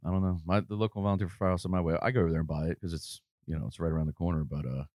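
Deep fast-talking man co-host. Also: fairly even intonation, a little mellow, no room sound, studio quality. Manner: quick agreeable interjections. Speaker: firefighter co-host. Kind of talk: casual chat.

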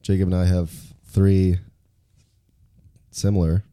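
A man with a very dark, mellow voice, hosting a casual movie review podcast. He jokes around and laughs often, with a fairly low pitch. The sound is dry and close. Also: flat delivery, takes it slowly, smooth, no echo. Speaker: podcast host.

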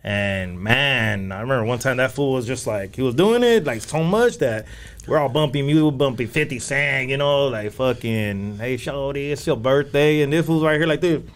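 A man's voice: mid-range voice, expressive, moderate pace. A man in his thirties from the Los Angeles area, telling slangy street stories in casual chat and laughing often. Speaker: podcast guest.

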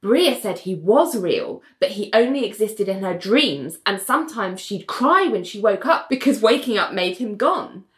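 A woman's voice: medium pitch, normal speed, hardly any pauses, echoey room. A woman in casual chat on a podcast, animatedly recapping a show and acting out its lines. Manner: chatty, animated, acts out the lines with voices.

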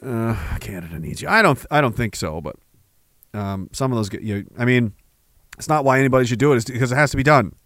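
A man's voice: medium pitch, expressive, fast, a bit bright, no echo. A man hosting a podcast, ranting angrily and with heavy profanity between reading chat messages, with sarcastic asides. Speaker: podcast host.

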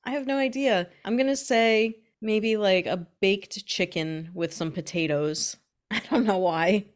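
A woman's voice: mid-range voice, a little slow. Giggly young woman chatting. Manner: giggly, hesitant, laughs between words. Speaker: book podcast co-host. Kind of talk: casual chat.

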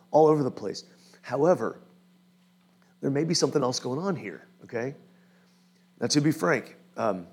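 A man's voice: fairly high pitch, husky. A male pastor preaching a conversational sermon who keeps checking in with his listeners. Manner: informal, often checks in with the listeners.

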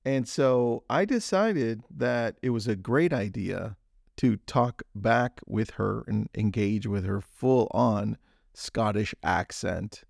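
A man's voice: on the low side, takes it slowly, vocal fry, a little mellow, dry recording, studio quality. A man hosting a solo podcast, telling a story in an upbeat way with frequent restarts. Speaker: podcast host.

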